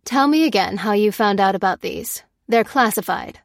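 A woman's voice: mid-range voice, no echo, studio quality, natural voice. A woman voicing a cautious woman field officer who speaks carefully. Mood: wary. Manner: careful, measured.

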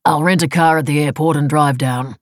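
A woman's voice: low-pitched, steady tone, brisk, no room sound, studio quality, natural voice. A woman doing a curt, evasive older husband. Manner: clipped, curt replies.

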